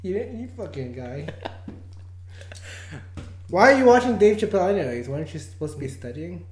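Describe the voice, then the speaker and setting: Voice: mid-range voice, very animated, moderate pace. A podcast co-host in casual chat, teasing their friend, laughing often and swearing freely. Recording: echoey room.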